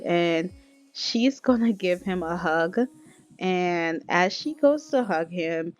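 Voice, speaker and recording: A woman's voice: on the low side, lively intonation, takes it slowly, clean tone, soft background music. A woman narrating a life-sim game story in a chatty, casual way, talking straight to viewers.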